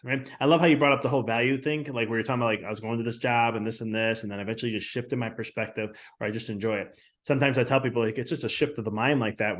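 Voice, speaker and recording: A man who is a guest on a podcast interview, talking as a coach and quickly quoting himself and others. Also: medium pitch. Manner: rapid, enthusiastic, self-quoting. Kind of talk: casual interview chat.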